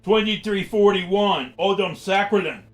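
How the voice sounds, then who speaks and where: A bewildered woman from another time speaks in scraps of broken English, as a man puts her on. Her voice sits high and loud, and every phrase comes out choppy and uncertain. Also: faint music behind. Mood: halting, puzzled. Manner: halting, fragmented speech. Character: confused adult woman from the future, halting broken English.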